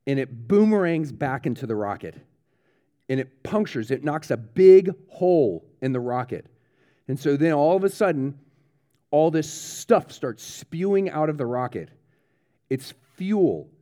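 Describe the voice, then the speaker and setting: During a church service, a pastor delivers a children's sermon, telling a true story with dramatic build-up and checking in with the kids. His voice is on the high side and warm in tone.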